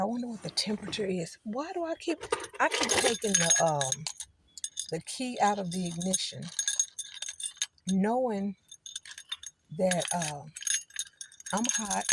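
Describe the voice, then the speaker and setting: A woman's voice: mid-range voice, a little slow, pauses often, noisy background. A middle-aged woman chatting casually to her viewers from a parked car, rambling from one thought to the next. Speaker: vlogger. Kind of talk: casual chat.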